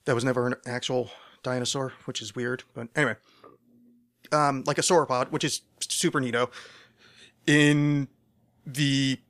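Male podcast host, bright tone, mid-range pitch; rambling, swears freely, pokes fun at himself. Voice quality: rambling, profane, self-deprecating. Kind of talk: casual solo podcast monologue.

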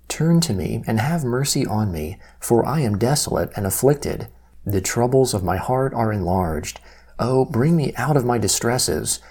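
A man reading Bible passages aloud in a steady, measured way, with quoted lines lifted slightly. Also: lowish voice, creaky, breathy edge. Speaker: Bible reader.

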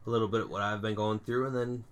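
A young man co-hosting a podcast, chatting casually and telling animated stories with puns. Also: on the low side, fast, clean tone. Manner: animated storyteller, puns, laughs at own jokes. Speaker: podcast co-host. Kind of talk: casual chat.

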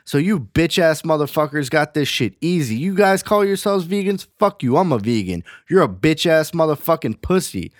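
A man plays a crusty veteran vegan who rants with profane contempt. The voice is pushed higher than his usual, with big swings in pitch. It is recorded dry and close. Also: very animated, moderate pace, hardly any pauses, no room sound. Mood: scornful. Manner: profane, mocking rant. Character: foul-mouthed veteran male vegan, scornful ranter.

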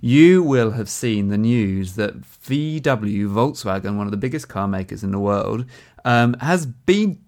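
A man's voice: on the low side, expressive, measured pace, darkish tone. A man co-hosting a podcast, explaining a news story step by step in a casual chat, with many ums. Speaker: podcast co-host.

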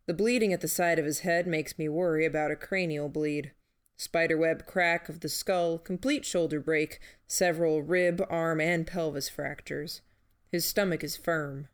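A woman's voice: low voice, steady tone, normal speed, lightly acted. A woman voicing a stern, matter-of-fact male field medic who reports injuries in clipped, clinical phrases.

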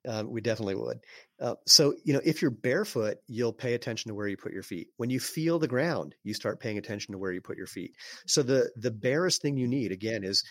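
A man speaking as an interview guest, explaining in a relaxed way with fillers and some throat clearing. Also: medium pitch, brisk, no room sound. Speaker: guest, barefoot sandal maker. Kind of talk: casual conversational interview.

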